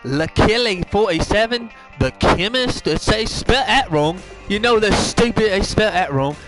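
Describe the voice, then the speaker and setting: A man's voice: high voice, animated, normal speed, fairly bright tone, soft background music. Man doing a silly British footballer impression. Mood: goofy. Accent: put-on British accent, Cockney drifting to Liverpool. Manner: rambling, goofy, self-correcting. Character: mock celebrity footballer hosting a pre-show, rambling and silly. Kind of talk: comedic impression monologue.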